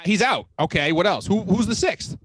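High-voiced man arguing playfully on a podcast. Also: expressive, moderate pace, fairly bright tone, slightly rough, no room sound. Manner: argumentative, joking, swears casually. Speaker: podcast co-host. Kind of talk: casual chat.

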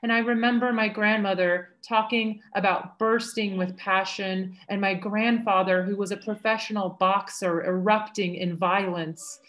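Unhurried woman reading her poetry. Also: medium pitch. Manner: slow, measured reading with lively acted quotes. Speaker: poet reading her own work. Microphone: video call.

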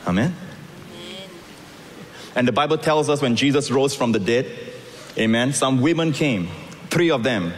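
Dramatic preacher in an echoing hall. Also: male voice, medium pitch, lively intonation, measured pace, long pauses. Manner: acts out voices in scripture, swings from loud to soft. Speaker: pastor. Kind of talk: sermon.

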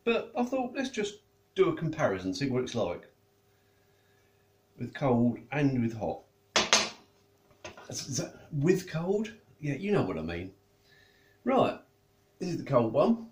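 A man's voice: medium pitch, huge pitch swings, a little slow, long pauses, a little mellow. A man chatting casually as he reviews food, tasting and eating while he talks. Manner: chatty, tastes and eats while talking. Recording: echoey room.

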